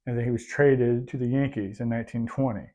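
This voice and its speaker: A man's voice: mid-range voice, fairly even intonation, fast, mellow, dull audio. A man co-hosting a podcast in casual chat, rambling and self-deprecating with lots of fillers. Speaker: podcast co-host.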